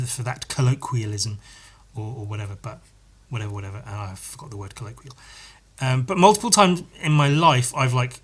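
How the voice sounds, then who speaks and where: In a casual solo podcast episode, the host, a man with a mid-range voice that sounds bright and forward, rambles freely. He keeps correcting himself, restarting sentences and tossing swear words into ordinary conversation.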